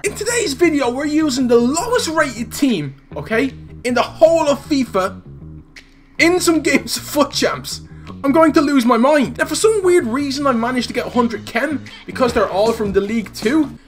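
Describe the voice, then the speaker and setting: A young man with a high, bouncy voice that leaps all over the place, hyping up and joking through his football game commentary. He swings from loud yelps down to low mutters, with faint game music under him. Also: normal speed. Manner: excitable, jokey, swings from shouting to muttering. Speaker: gaming YouTuber. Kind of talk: excited gameplay commentary.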